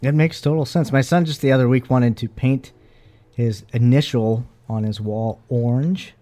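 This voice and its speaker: A man's voice: mid-range voice, steady tone, moderate pace, warm tone. A man co-hosting a talk show, chatting in a friendly, conversational way about home life. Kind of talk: casual chat.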